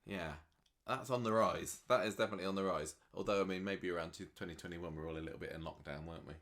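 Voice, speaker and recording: Deep-voiced chatty man co-host. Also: fast talker, fairly bright tone. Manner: chatty, recaps plot, sympathetic. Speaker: podcast co-host. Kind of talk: casual soap recap chat.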